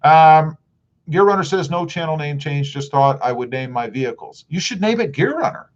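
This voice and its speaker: A man's voice: fairly high pitch, lively intonation, moderate pace, muffled recording. A middle-aged man with a Southern US accent, chatting casually on a livestream and reading viewer comments aloud. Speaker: livestream host.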